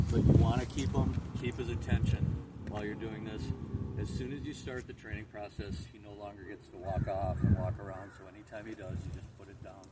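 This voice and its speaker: A man with a lowish voice talks a dog owner through training, casual and full of "um"s as he works. He sits well back from the camera mic outdoors, and loud background noise runs under everything he says. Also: far from the mic. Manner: casual, explaining as he works, frequent fillers. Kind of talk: instructing a dog owner on the spot. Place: outdoors on an empty lot. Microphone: camera held by the owner a few steps away.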